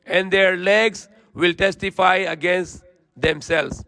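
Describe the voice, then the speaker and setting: Guy reciting verses fast then explaining them, high voice, dry close sound. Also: bright, forceful tone, no echo. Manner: recites verses quickly, then explains in slow plain English. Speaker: Islamic teacher. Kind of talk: Quran lesson with recitation and translation.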